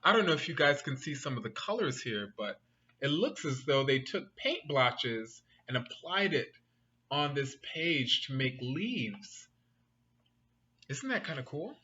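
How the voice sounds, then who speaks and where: A man reading a picture book aloud to children, animated and asking the listeners questions. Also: medium pitch, a little slow, lo-fi sound. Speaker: storyteller.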